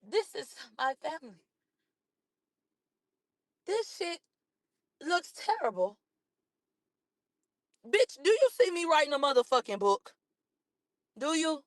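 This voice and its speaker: A hoarse woman from a cold, ranting combatively and profanely at critics on a livestream, repeating herself. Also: high voice, a bit bright, no room sound, clean studio sound. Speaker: livestream host. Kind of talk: heated livestream rant.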